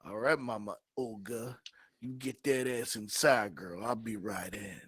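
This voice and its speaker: A man voicing a big, muscular ladies' man with a low, cocky drawl. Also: measured pace, fairly bright tone, breathy edge, dry recording.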